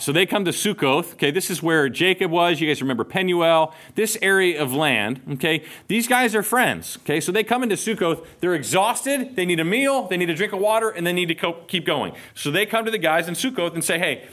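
A man's voice: high voice, brisk, few pauses. A man teaching a Bible study in a casual, joking way, often checking in with his listeners. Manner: lively, jokey, checks in with "okay?".

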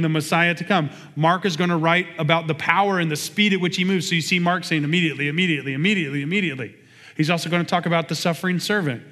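A man preaching a sermon as a pastor, in an energetic, conversational way with quick asides. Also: a little high. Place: church sanctuary. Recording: long reverb of a large hall.

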